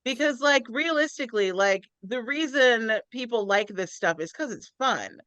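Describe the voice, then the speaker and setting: A woman's voice: fairly high pitch, lively intonation, moderate pace, fairly bright tone, dry recording. A woman guest in a casual podcast chat, ranting in playful mock outrage.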